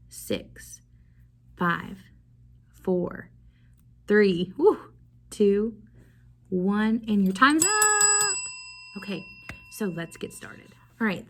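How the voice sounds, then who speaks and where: A young woman music teacher giving a video lesson to young children, slow and encouraging, prompting them to repeat after her. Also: medium pitch, gravelly, darkish tone, a little hiss or hum.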